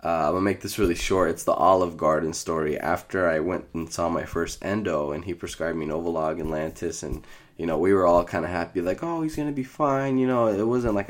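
A young man from Iraq hosting a podcast, telling a personal story in a casual, scattered way, often laughing as he goes. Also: low-pitched. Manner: scattered, rambling, laughs through his story. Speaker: podcast host.

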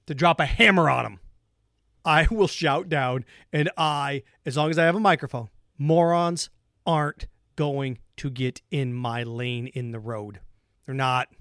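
Male sports radio host, high-pitched and angry, sarcastic heated monologue, dry close mic. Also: no echo. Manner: heated, sarcastic, repetitive emphasis.

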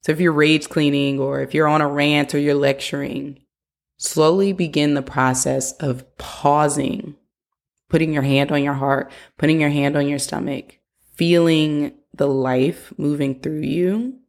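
A woman's voice: low-pitched, steady tone, a little slow, gravelly. A young adult woman hosting a parenting podcast, talking earnestly in a coaching way and sometimes acting out what a parent might say. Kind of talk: casual advice talk.

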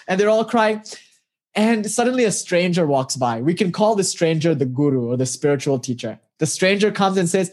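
A spiritual teacher giving a talk built around parables. The speaker is animated and casual, with plenty of fillers, and keeps turning to the listener with rhetorical questions. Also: medium pitch, moderate pace.

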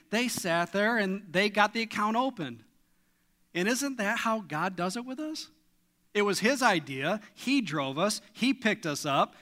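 A man's voice: high voice, bright, forceful tone. A middle-aged man preaching a sermon in a church, earnest and emphatic, pressing his listeners with questions. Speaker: pastor. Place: church sanctuary.

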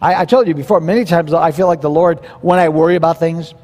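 A pastor preaching a verse-by-verse sermon in a conversational, animated way, with quoted asides. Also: male voice, on the high side, quick pace, big-room sound.

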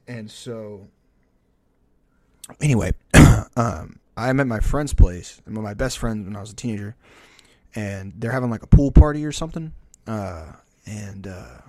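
A man's voice: fairly low pitch, darkish tone, no echo. A young adult man telling a long, profane, rambling story in casual podcast chat. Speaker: podcast host.

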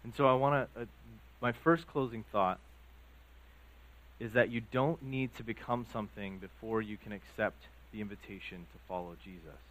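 Male pastor, lowish voice, easygoing preaching with lots of ums and story asides. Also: moderate pace, a bit bright, low-quality recording. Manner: conversational storytelling, many fillers. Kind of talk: sermon.

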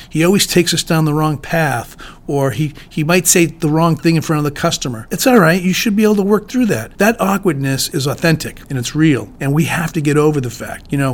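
A man hosting a solo talk on leadership, speaking in an earnest, conversational way with frequent restarts. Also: a little high. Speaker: podcast host.

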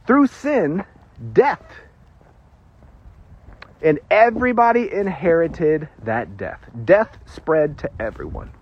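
A man preaching a sermon, animated and prone to nervous giggling as he explains scripture. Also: on the high side, slow, long pauses, husky. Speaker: pastor. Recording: dull lo-fi recording.

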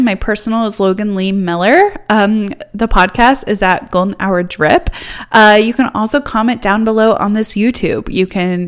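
A young woman hosting her own podcast, talking in a chatty, upbeat way with lots of fillers and laughter. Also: medium pitch. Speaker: podcast host. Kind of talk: casual solo podcast chat.

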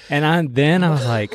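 A man's voice: medium pitch, a little mellow, no echo, studio quality. A young adult man, a pro surfer, telling stories in casual chat with lots of laughter and surfer slang. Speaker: pro surfer and podcast guest. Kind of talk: casual chat, animated storytelling.

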